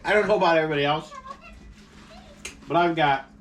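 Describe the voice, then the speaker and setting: At his home dining table, a man hosts a casual mukbang-style food vlog, playful and chatty and laughing often. His voice is on the high side, fairly quick and fairly bright, picked up by a distant camera mic with faint noise.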